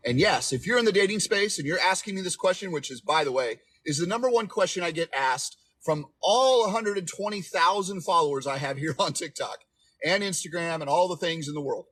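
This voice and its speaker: A man in his forties speaks with a slightly high, husky voice as he gives relationship coaching on a livestream. He is emphatic and repetitive, and he keeps checking in with his viewers. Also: a little fast, fairly bright tone. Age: 40s. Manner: emphatic, repetitive, preachy, asks "okay?" often. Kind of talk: livestream advice talk.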